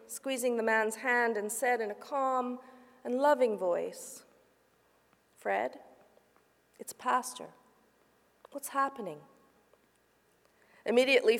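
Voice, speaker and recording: A woman pastor preaching a sermon, telling a story with lively asides and hushed, quiet narration. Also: a little high. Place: church sanctuary. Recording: long reverb of a church hall.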